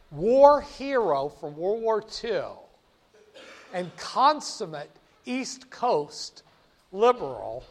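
An older man telling history in an informal, animated way, slipping into voices for the people he quotes. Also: high voice.

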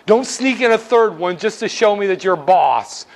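Male finance lecturer with a high voice and a crude, irreverent classroom manner. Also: animated, moderate pace, vocal fry. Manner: irreverent, crude jokes between explanations.

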